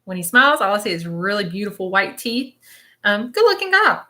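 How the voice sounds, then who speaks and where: This spiritual medium's live-stream reading comes in a sing-song, brisk voice of medium pitch with a sharp tone. She rambles hesitantly through present-tense visions, searching for the details, and regularly asks her listeners "okay?".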